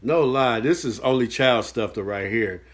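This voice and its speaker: A man's voice: medium pitch, moderate pace. Host guy reacting to an old interview, mid voice, laid back and thoughtful. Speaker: podcast host reacting to a clip. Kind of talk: casual commentary.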